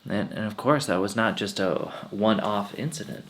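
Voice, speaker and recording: A swami speaks at normal speed in a lowish voice during satsang. His talk is earnest storytelling about his own life, and he quotes his teacher by putting on changed voices.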